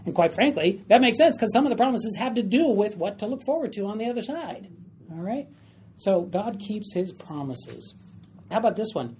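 A woman's voice: mid-range voice, big pitch swings, moderate pace, mellow, slight background noise. A woman teaching a Bible study class, emphatic and often questioning her group.

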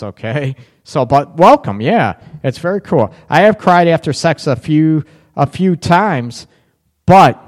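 A man's voice: on the high side, a little mellow. A middle-aged man hosting a live relationship advice show, chatting casually and reading out viewer comments. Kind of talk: live call-in advice talk.

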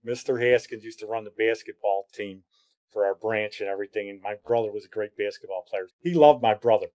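A middle-aged man telling personal memories in a casual, rambling way. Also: brisk. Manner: rambling, conversational, drops lower and quieter when reflective. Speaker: storyteller.

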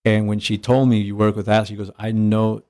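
A man who is a catching coach and trainer, chatting casually on a podcast and telling stories with lively acted-out dialogue and easy swearing. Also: lowish voice, a little fast. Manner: animated storyteller, acts out dialogue, swears casually.

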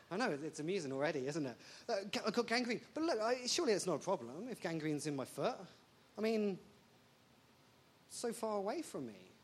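A woman from England, preaching a sermon in an animated, jokey way full of rhetorical questions. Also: on the low side, fairly quick, a little hiss or hum.

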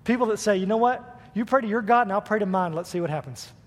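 A fervent man preaching a sermon, his voice pitched high for a man. It rings out through a church with a long hall echo. He pushes from steady teaching up into shouts of praise. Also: fast. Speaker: youth pastor. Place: church sanctuary.

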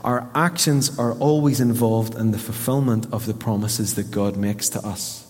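A man's voice: lowish voice, moderate pace. A man with a Northern Irish accent, a pastor preaching a sermon and telling a story while acting out the voices in it. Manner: storytelling, animated quoting of voices. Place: church hall. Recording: reverberant church hall.

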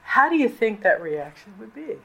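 A middle-aged woman pastor preaching a conversational sermon in a casual, colloquial way, often jumping higher in pitch to stress a point. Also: big pitch swings, moderate pace, gravelly, sharp tone, husky, low-quality recording.

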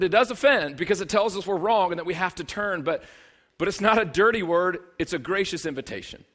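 A man's voice: on the high side, a bit bright. A man in his thirties, a pastor preaching a sermon in a conversational, humorous way, building to emphatic bursts.

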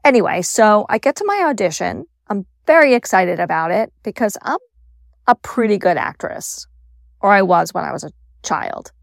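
A woman's voice: medium pitch, expressive, moderate pace, gravelly, dry recording, studio quality. A woman in her fifties from Staten Island, hosting a podcast and telling a personal story in a candid, conversational way with wry asides. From Staten Island, New York. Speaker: podcast host.

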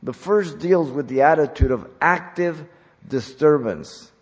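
A man's voice: a little high, breathy edge. Emphatic preacher man in a reverberant hall. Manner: emphatic, deliberate, slows down on key phrases. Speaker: pastor. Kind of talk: expository sermon.

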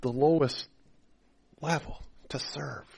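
A man preaching a sermon as a pastor, swinging between loud emphatic lines and quiet confessional asides, acting out the people he quotes. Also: mid-range voice, slow pace, gravelly, husky. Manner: acts out voices of people he quotes.

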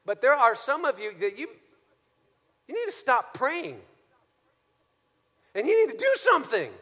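A man preaching a sermon as pastor, swinging from soft, low passages to shouted exhortation. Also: wildly swooping pitch, a little slow. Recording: long hall reverb.

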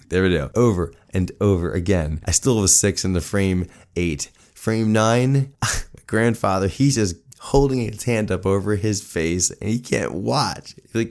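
Man, forties, deep voice, podcast host, animated self-mocking storyteller. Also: normal speed, gravelly. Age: 40s.

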